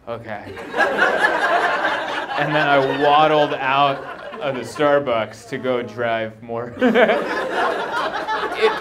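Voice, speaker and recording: A male stand-up comedian telling a long self-deprecating story on stage, acting out his own thoughts. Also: fairly high pitch. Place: comedy club stage before a live audience. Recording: live show with clear audience laughter.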